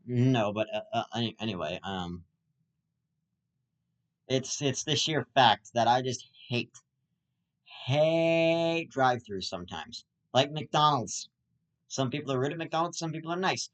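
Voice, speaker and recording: A man's voice: medium pitch, a little slow. Stammering young man ranting. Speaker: host. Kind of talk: rambling comedic monologue.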